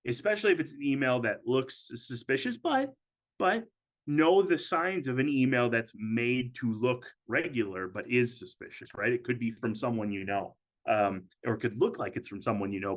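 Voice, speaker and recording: A man of middle pitch presents a webinar as a financial advisor. He talks casually and conversationally, often pausing on fillers and restarting his sentences. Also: a bit bright.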